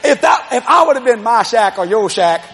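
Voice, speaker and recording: A man preaching a televised sermon to a congregation, shouting and telling stories. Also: very high-pitched, big pitch swings, a little fast. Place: church service before a congregation. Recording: live congregation with loud laughter and noise.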